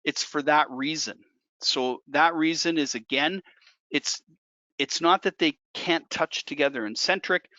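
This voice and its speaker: A man's voice: a little high, unhurried, bright, forceful tone, no echo. A man working as a dental technician instructor, walking through a hands-on demonstration in a conversational way and repeating key points for emphasis. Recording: dull dry lo-fi recording.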